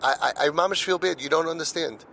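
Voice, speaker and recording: A man's voice: a little high, fast talker, gravelly, sharp tone, slight background noise, rough recording. A middle-aged man speaking earnestly about parenting, telling personal stories and repeating words when he presses a point. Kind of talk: heartfelt monologue.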